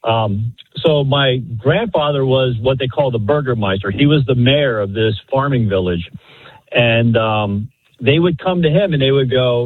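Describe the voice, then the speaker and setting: Husky male caller on a phone line. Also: medium pitch, normal speed, no room sound. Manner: rambling, earnest, many fillers. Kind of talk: phone-in storytelling. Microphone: telephone.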